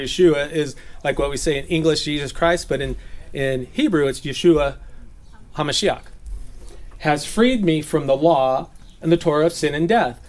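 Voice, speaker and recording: A man from Southern California giving a relaxed, chatty sermon, laughing often and slipping into playful voices. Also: on the high side. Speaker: preacher. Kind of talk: casual sermon teaching. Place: gathering.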